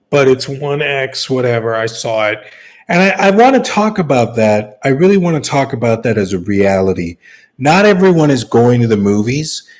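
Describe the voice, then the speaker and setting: Man, solo livestream chat, rambling, loose and repetitive, mid-pitched voice. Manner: rambling, repeats and restarts phrases.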